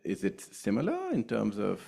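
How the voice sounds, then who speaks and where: Man, audience questioner, low pitch, very gravelly, lively intonation. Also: normal speed. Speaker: audience member asking a question.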